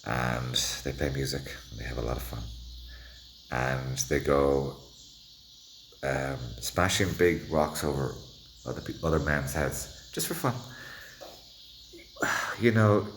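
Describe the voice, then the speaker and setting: A man's voice: very deep voice, unhurried, creaky, long pauses, slight background noise. A man vlogging in a meandering, self-interrupting monologue, playful and at times dropping to a whisper. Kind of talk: rambling monologue to the camera.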